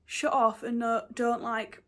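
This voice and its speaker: Book vlogger, female, slightly high voice, loose chatty rambling delivery. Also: flat delivery, slow pace, fairly bright tone. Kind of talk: casual vlog chat.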